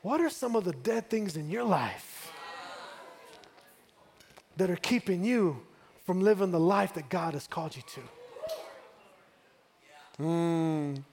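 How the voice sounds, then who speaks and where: A man's voice: sits high, animated, takes it slowly, pauses often, a little hiss or hum. A middle-aged man from West Texas preaching a sermon, building call-and-response refrains and telling a family story. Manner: call-and-response, rising to shouts.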